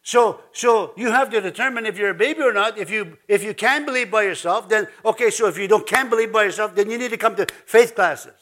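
A man's voice: high-pitched, bright, forceful tone. A man preaching an informal sermon as pastor, chatty and laughing, with frequent restarts and repeated words.

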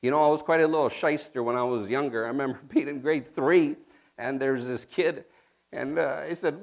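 A man's voice: a little high, expressive, normal speed, gravelly. A man preaching a sermon, emphatic and emotional, calling out for the congregation to respond and spelling out key words. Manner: laughs and tears up when moved.

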